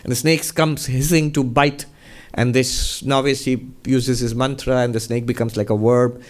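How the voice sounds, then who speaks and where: Monk giving a spiritual Q&A talk, measured, conversational storyteller. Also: male voice, mid-range voice, flat delivery. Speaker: monk and resident minister.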